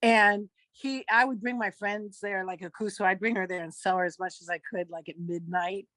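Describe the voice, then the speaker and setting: A woman in her fifties tells a story as an interview guest, her pitch sitting in the middle range and her delivery full of acted-out lines. The sound is dry and close, with no room around it. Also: moderate pace, dry recording. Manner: lively storyteller who acts out quoted dialogue. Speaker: guest actress.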